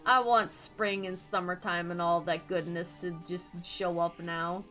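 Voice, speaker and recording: A woman's voice: fairly low pitch, steady tone, unhurried, hardly any pauses, pushed and bright, soft background music. Playful woman streamer chatting over gameplay. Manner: playful, chatty, self-mocking. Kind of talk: casual gameplay commentary.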